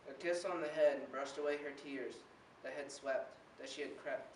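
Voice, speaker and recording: A teen boy's mid-range voice holds a steady tone at a moderate pace while he performs spoken word poetry with earnest rhythm. He's a slam poet in an indoor room, and the distant mic gives a roomy sound with faint hiss.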